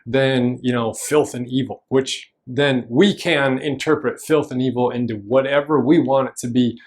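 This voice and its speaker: A man's voice: mid-range voice, fairly even intonation, normal speed, darkish tone. A man, a pastor, giving a conversational sermon in a church, explaining scripture casually with fillers and restarts.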